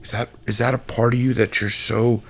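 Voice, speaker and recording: A man's voice: medium pitch, little pitch movement, a little fast. A man talking candidly as a coach on a podcast, intense and blunt, swearing freely. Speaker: high-performance coach.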